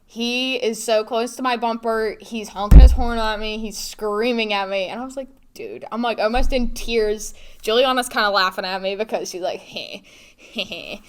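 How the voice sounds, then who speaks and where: A teenage girl co-hosting a school podcast, telling a story in a casual, animated way with many fillers and giggles. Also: a little high, normal speed, hardly any pauses, clean tone, faint music behind. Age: teens. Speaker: podcast co-host.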